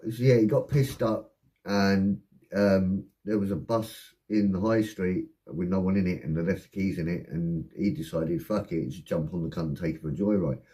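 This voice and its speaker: A man with an English accent, casually telling a rowdy personal story, swearing often and acting out the voices of the people in it. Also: fairly low pitch. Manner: swearing, rapid and animated anecdote telling with acted-out voices.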